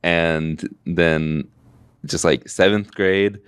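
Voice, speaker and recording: A man from Oregon hosting a casual interview, asking relaxed, teasing questions. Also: sits low, very slow, clear, resonant tone, no echo, studio quality. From West Coast, Oregon. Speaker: interview host.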